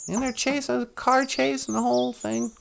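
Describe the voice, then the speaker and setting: A man's voice: very high-pitched, fairly even intonation, moderate pace, creaky, fairly bright tone, slight background noise. A man hosting a podcast, rambling through a goofy comic story with playful silly asides. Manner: goofy, playful, doing silly voices and sound effects. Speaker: podcast host.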